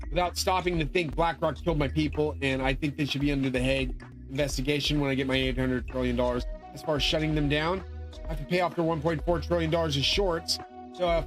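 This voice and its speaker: A man delivers a meandering, expletive-heavy rant to his viewers. His voice runs somewhat high for a man, and he swings between bluster and grievance. Faint music plays behind him. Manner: angry, swearing, grandiose ranting. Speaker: channel host. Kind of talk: profane rambling monologue.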